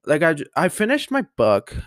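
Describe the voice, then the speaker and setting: A man's voice: on the high side, wildly swooping pitch, normal speed, fairly bright tone, no room sound, clean studio sound. A young man hosting a casual solo podcast, chatty and bubbly, rambling with playful asides. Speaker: podcast host. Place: bedroom with the window open.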